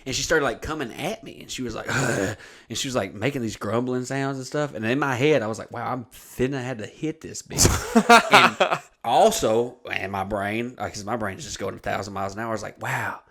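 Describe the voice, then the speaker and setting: A man's voice: mid-range voice, fairly quick, a bit bright. Profane man rambling a story. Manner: profane, rambling anecdote-telling. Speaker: podcast host. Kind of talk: casual storytelling chat.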